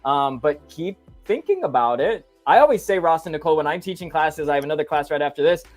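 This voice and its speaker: A man who teaches college classes, co-hosting a casual live stream in a jokey, animated way. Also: a little high, quick pace, soft background music. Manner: jokey, animated, talks to chat. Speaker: college instructor co-host.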